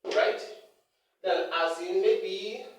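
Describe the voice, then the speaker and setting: A man's voice: high voice, very slow, slight background noise. A man teaching English pronunciation in a classroom lecture, repeating words over and over for emphasis. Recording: echoey room, mic far off.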